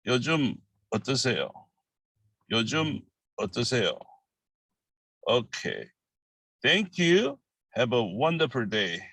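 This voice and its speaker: A man from Busan with a Korean accent teaching a language lesson, drilling phrases and explaining in halting English with many fillers. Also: medium pitch, sing-song, bright, forceful tone, no room sound, rough recording. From Busan, South Korea.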